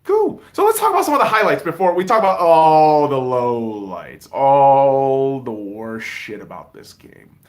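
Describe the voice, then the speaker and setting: A man hosting a podcast, ranting casually about football with lots of swearing, dropping into mumbled asides and jumping to loud outbursts. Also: medium pitch, a little slow, hardly any pauses. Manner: profane, swings between mumbling asides and loud excited outbursts. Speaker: podcast host. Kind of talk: casual sports rant.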